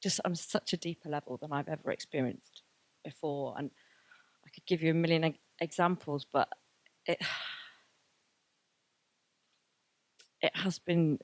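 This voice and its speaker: Woman in her thirties, low voice, candid and emotional, dry close sound. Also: fairly even intonation, slow, pauses often, no room sound. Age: 30s. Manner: candid, emotional, many fillers. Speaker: graduation speaker. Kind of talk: personal testimony talk.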